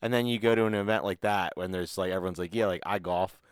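A man's voice: low-pitched, steady tone, fast talker, clear, resonant tone, dry recording. A man co-hosting a casual podcast, talking in a laid-back, profane way and chuckling often. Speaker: podcast co-host. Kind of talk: casual chat.

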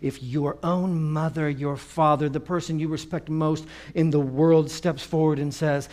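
A man's voice: fairly high pitch, unhurried. A man preaching a story-driven sermon, acting out the voices of the people in his anecdotes. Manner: animated, acts out quoted voices.

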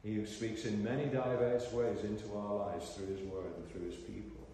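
An older man preaching a sermon at a convention, alternating between loud, impassioned declarations and quiet reflective passages. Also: on the low side, level tone, moderate pace, slight background noise. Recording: echoey hall, heard from far off.

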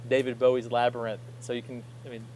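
A man in his thirties talks casually with a middle pitch, upbeat and rambling. He restarts sentences often. A low, faint hum sits behind him. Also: monotone, quick pace, darkish tone, low-quality recording. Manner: rambling, self-correcting, upbeat. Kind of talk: casual chat.

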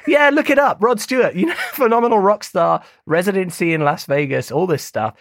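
A man co-hosting a casual podcast, talking in an animated, enthusiastic way. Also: high voice, brisk, no room sound, clean studio sound. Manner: animated, enthusiastic, laughs often. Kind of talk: casual chat.

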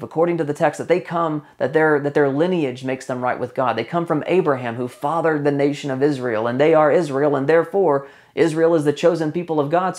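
A man preaching a sermon in a conversational way. He slows down for emphasis and repeats key phrases. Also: a little high. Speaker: pastor.

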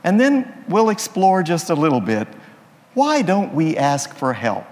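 A man's voice: a little high, huge pitch swings, unhurried, a little mellow, in a large hall. A man, a priest, opening his sermon with folksy jokes before turning serious. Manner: folksy, playful joke-telling. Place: church.

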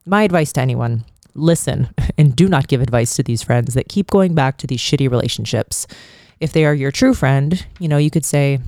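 Frank, profane man with a mellow voice. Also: mid-range voice, moderate pace, dry recording, clean studio sound. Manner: frank and profane, many filler likes. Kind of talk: casual monologue storytelling.

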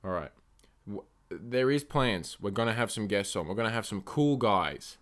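A man hosting his own solo podcast, rambling and swearing through rants that flare up loud and high when he gets angry. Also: lively intonation, moderate pace. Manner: rambling, profane, ranting. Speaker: podcast host.

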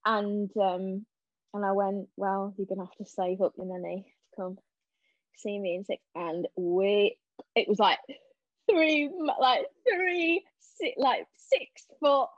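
A young woman chatting casually as a podcast guest, telling animated stories and acting out what people said. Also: medium pitch, slow pace, no echo. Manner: animated storyteller, acting out quotes. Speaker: podcast guest, stage actress. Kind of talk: casual chat. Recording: dull lo-fi sound.

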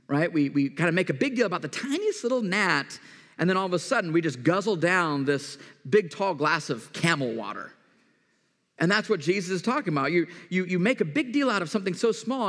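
A man's voice: fairly high pitch, fairly bright tone, in a large hall. A man preaching a sermon as pastor, talking in a conversational way with everyday examples and questions to the kids in the room.

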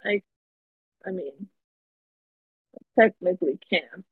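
Young woman, podcast co-host, husky and fairly high, giggly and halting, dull lo-fi mic. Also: dry recording. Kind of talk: casual chat.

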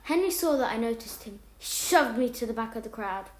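Bright-voiced woman reading a story, echoey room. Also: a little fast. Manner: animated, jumps up in pitch and loudness for dialogue. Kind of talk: reading a homemade story aloud.

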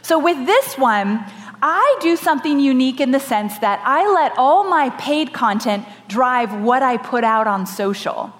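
A woman with a high, bright voice tells a story from the stage, lively and quick to laugh. Her words ring out with a long hall echo around them. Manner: animated, laughing storyteller with dramatic quoted voices. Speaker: podcast host giving a conference talk. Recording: live talk with long hall reverb.

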